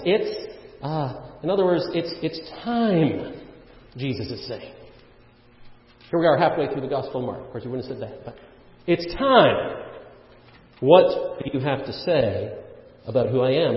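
A man's voice: medium pitch, reverberant, long reverb tail, muffled recording. A man preaching a sermon, earnest and emphatic, often restarting his sentences. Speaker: pastor.

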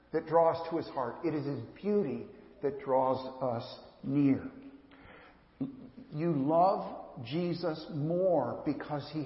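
A male pastor with a fairly high voice preaches in a church sanctuary. He is earnest, circles back and repeats his phrases, and talks straight to the kids. The sound rings through a long, echoey hall and comes across a bit dull. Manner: earnest, repeats and restarts phrases, speaks directly to children. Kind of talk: sermon.

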